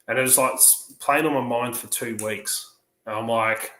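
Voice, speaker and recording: Bright-voiced Australian man telling a story. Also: medium pitch, steady tone, moderate pace, reverberant, poor audio. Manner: rambling storyteller, acts out quoted dialogue. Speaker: livestream panelist. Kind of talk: casual chat.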